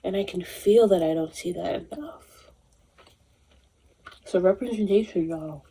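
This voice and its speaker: A woman in her twenties giving a casual, animated movie review, emotional and swearing freely. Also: fairly low pitch, unhurried, pauses often, slightly rough. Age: 20s. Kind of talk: casual chat.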